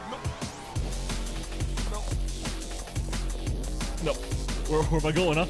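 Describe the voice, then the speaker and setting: High, frantic gamer yelling over music. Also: male voice, slow, pauses often. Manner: panicky, laughing, repeats no over and over. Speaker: gaming YouTuber. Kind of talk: excitable gameplay commentary. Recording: game music loud underneath.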